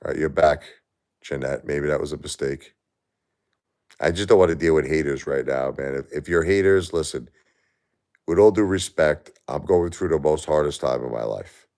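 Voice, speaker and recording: Speaking at a normal speed, a man with a bass voice and a darkish tone addresses his live stream chat emotionally. He comes across as worn out and distressed, going over the same things again and again.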